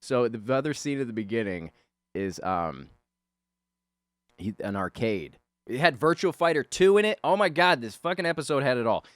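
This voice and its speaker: A man's voice: mid-range voice, expressive, moderate pace, fairly bright tone, no room sound, clean studio sound. A man who hosts a drawing channel, chatting casually as he draws. He rambles, laughs often and swears. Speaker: illustrator and channel host. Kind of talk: casual chat while drawing.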